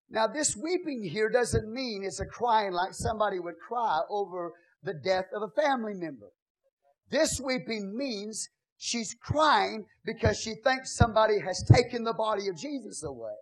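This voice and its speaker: A pastor with a very high voice and a drawl, preaching to his congregation. He drops into a low, confiding tone to retell scripture, then rises into shouted, half-sung cries. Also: lively intonation, measured pace. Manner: swings from soft storytelling to shouted, sing-song preaching. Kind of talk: sermon.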